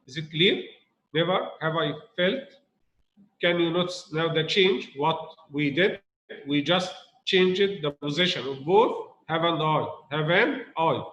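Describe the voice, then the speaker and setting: A man teaches a grammar point to students, repeating himself and asking whether it is clear. His voice sits high for a man, and it rings around a reverberant room. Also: fairly bright tone, highs cut off. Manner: repeats points, asks students rhetorical questions. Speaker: English teacher. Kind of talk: recorded grammar lesson.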